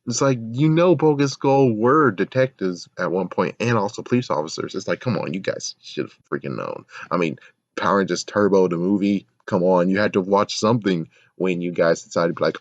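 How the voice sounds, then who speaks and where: A man's voice: fairly low pitch, lively intonation, moderate pace, dry recording, lo-fi sound. A man ranting casually and with exasperation in a show review, rambling and swearing often. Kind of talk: casual video review rant.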